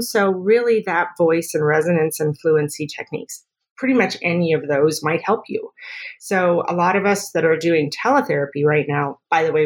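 A woman speech therapist talking through her methods in a podcast interview, chatty and full of quick examples. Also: lowish voice.

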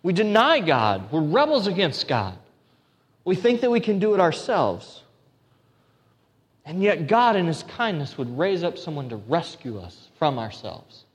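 A man's voice: fairly high pitch, big pitch swings, unhurried. A man preaching a sermon as pastor, earnest, with restarts and emphatic repetition. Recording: long hall reverb.

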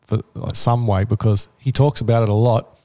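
A man chatting easily about software, agreeable, with casual nonstandard grammar. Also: on the low side, fairly even intonation, moderate pace. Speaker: software developer. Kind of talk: casual chat.

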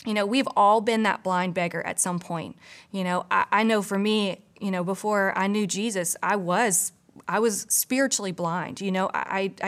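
A woman from a church staff giving a casual, earnest devotional, full of "you know" asides. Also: mid-range voice. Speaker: church pastor or staff member. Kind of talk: conversational devotional teaching.

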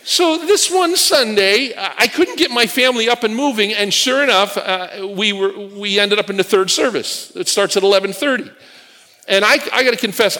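A man's voice: high voice, sharp tone. A man preaching a sermon to a congregation, telling stories with humorous asides. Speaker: guest preacher. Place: church sanctuary with congregation. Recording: long reverb of a large hall.

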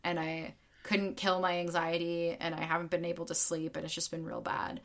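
A woman's voice: lowish voice, little pitch movement, moderate pace, vocal fry, fairly bright tone. A woman co-hosting a casual podcast, venting in heated, profane bursts full of fillers and "like". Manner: heated, swearing, frequent fillers. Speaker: podcast co-host. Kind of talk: casual ranting chat.

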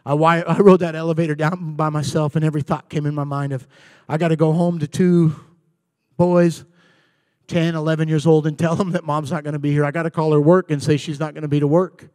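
High-voiced animated preacher, dry sound. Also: male voice, brisk, dry recording. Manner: animated, acts out voices of people in his stories. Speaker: pastor. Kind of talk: sermon. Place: church.

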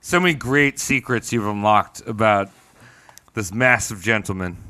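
A man's voice: on the low side, normal speed, bright, forceful tone, dry recording. A man co-hosting a casual comedy podcast, sarcastic and profane. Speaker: podcast co-host.

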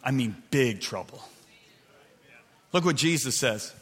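A middle-aged man preaching a sermon to a live crowd, swinging between loud shouted points and soft, confiding asides. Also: mid-range voice, normal speed. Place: large hall with an audience. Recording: long hall reverb.

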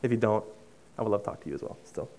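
A young man giving a sermon, telling a personal story in an earnest, conversational way with many fillers and restarts, dropping to a soft hush on emotional lines. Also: lowish voice, expressive, racing, creaky. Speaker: preacher.

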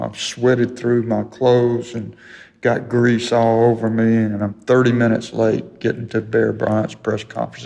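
An older man with a medium-pitched, slightly mellow voice and vocal fry shares a sports anecdote as an interview guest. He laughs through the story in a folksy way, and the sound has a long hall reverb.

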